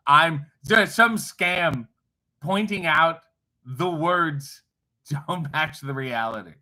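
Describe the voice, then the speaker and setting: A man's voice: on the high side, slow, pushed and bright, low-quality recording. A man hosting a casual livestream, reading viewer comments aloud with irreverent, wry, profane asides. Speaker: livestream host reading chat. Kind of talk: casual live chat.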